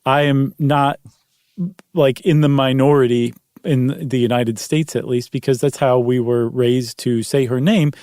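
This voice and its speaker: A man's voice: mid-range voice, steady tone, measured pace, darkish tone, dry recording, studio quality. A man hosting a podcast in casual chat, explaining things at length and chuckling often. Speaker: podcast host.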